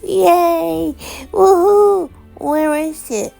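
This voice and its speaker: A woman voicing an excitable, demanding three-year-old boy who squeals and repeats his words in a children's storybook telling. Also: sits high, unhurried, creaky, faint music behind, pitched above the performer's own voice. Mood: excited. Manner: squealing, chanting words over and over.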